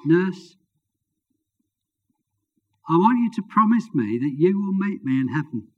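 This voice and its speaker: A man voicing a badly wounded young man near death, speaking quietly and weakly in a read-aloud story. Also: high voice, very animated, unhurried, pitched above the performer's own voice, full character voice. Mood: weak, pleading. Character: dying wounded young man, weak and pleading. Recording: dull lo-fi recording.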